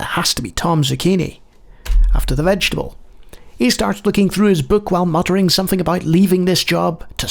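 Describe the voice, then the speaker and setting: A man's voice: fairly high pitch, gravelly. A man playing an old computer game, reading its text aloud and adding dry, wry asides in casual commentary. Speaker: game show host.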